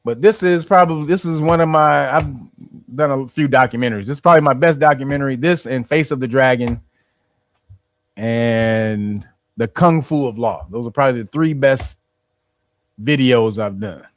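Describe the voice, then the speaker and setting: A man's voice: medium pitch, normal speed, no room sound. A man hosting a casual commentary, rambling and restarting his phrases as he explains. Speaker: host.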